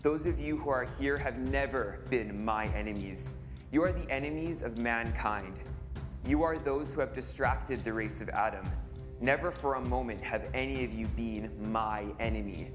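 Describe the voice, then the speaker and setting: A man's voice: mid-range voice, moderate pace, natural voice. A man playing Jesus in a dramatic audio reading, solemn and rising to proclaiming cries. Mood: commanding. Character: Jesus, divine man, commanding and triumphant. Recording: reverberant hall recording over music. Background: music.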